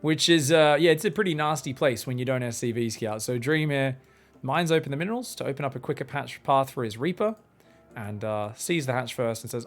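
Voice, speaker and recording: A man giving excitable live commentary on an esports match, breaking into sudden high exclamations. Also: brisk, soft background music. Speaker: esports caster.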